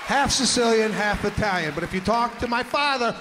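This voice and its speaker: A man doing a stand-up comedy set, animated, acting out his family and rising to shouts. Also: sits high, a little fast, big-room sound, a crowd in the background. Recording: live club with audience and room noise. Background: audience laughter.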